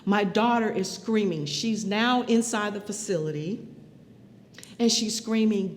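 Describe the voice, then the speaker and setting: A woman recounting her own experience as personal testimony, speaking in a measured, earnest way. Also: medium pitch, long reverb tail.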